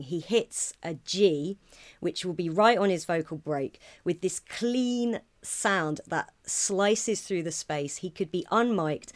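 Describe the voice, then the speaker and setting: A woman who co-hosts a podcast, a singer and comedian, chatting casually about vocal technique with frequent laughter. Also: low-pitched. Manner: animated, laughs often, breaks into sung demonstrations.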